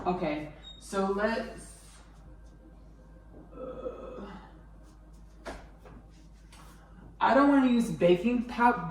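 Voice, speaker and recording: Chatty woman with a gravelly voice in an echoey kitchen. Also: lowish voice, distant mic, background noise. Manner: chatty and rambling, often says "y'all" to viewers. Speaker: home cooking show host. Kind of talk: casual cooking demonstration. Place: home kitchen. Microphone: camera set up on the counter. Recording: echoey kitchen, faint clicks.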